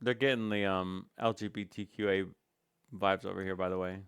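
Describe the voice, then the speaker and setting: Low, smooth-voiced man reacting casually. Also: fairly even intonation, moderate pace, a bit bright, dry recording, studio quality. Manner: hesitant, filler-heavy, musing. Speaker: commentary host reacting to a stream.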